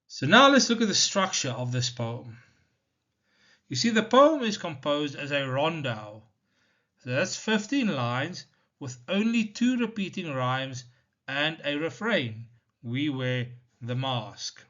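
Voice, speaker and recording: A male teacher from South Africa explaining a poem in a deliberate, step-by-step lesson, with many "so" and "now" turns. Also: a little high, big pitch swings, pushed and bright. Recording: slightly dull lo-fi recording.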